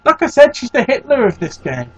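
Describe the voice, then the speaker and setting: A man hosting a game playthrough, excitable and sweary, with mock-scared outbursts. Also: very high-pitched, a little fast, husky, lo-fi sound. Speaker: let's play host. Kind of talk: gaming commentary.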